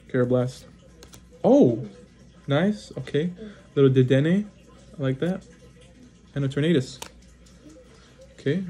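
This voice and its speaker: A man giving casual unboxing commentary as he opens trading card packs, reading off cards one by one and breaking into excited exclamations and quick apologies. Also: mid-range voice. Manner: names cards one after another, bursts into excited exclamations, apologizes often. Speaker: trading card pack opener.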